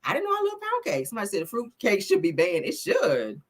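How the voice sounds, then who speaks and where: A woman's voice: mid-range voice, huge pitch swings, a little fast. A woman hosting a casual commentary show, reading viewer comments in a slangy way and laughing often. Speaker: show host.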